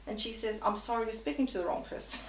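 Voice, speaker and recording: A woman guest tells an anecdote in conversation, animatedly acting out both sides of the dialogue. She talks fast in a slightly high voice, sitting far from the mic in an echoey room.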